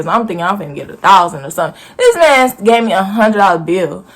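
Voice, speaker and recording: A woman's voice: mid-range voice, very animated, fast, hardly any pauses. A woman in her twenties telling a personal story to camera in a casual, blunt and profane storytime rant. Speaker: vlogger.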